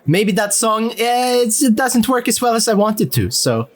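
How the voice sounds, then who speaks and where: High-voiced man rambling in character. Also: sing-song, moderate pace. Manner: rambling, hesitant, with many fillers. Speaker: tabletop game player. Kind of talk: in-character role-play.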